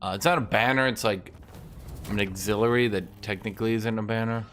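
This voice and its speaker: A man with a fairly low voice talks loosely through a strategy game, swearing now and then and thinking out loud. A faint hiss of noise sits under his voice. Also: brisk. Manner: chatty, profane, thinking aloud. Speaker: gaming video host. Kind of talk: casual gameplay commentary.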